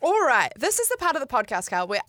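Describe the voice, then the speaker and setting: A woman's voice: high-pitched, sing-song, fast talker. A woman co-hosting a podcast in casual chat, giving short reactions. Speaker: podcast co-host.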